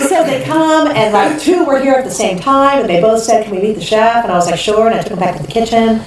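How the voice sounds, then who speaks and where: A woman who owns a restaurant, chatting as a podcast guest and telling her story in a lively way, often laughing and acting out what people said. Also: fairly high pitch, fast talker, recorded from a distance, slight background noise. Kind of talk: animated storytelling in casual chat. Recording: roomy echo, a bit off-mic, faint ambience.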